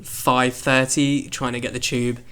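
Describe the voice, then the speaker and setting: A young man co-hosting a casual podcast, an animated storyteller who laughs mid-story. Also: medium pitch, unhurried, smooth. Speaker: podcast co-host, band member. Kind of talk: casual chat.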